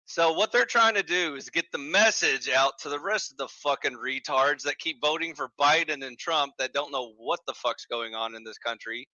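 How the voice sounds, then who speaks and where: A man's voice: on the high side, normal speed, few pauses, dry recording, dull audio. A man arguing hard in a played clip, swearing and talking over the other person. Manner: profane, forceful, cutting in. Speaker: debate guest in a played clip. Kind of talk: heated political argument.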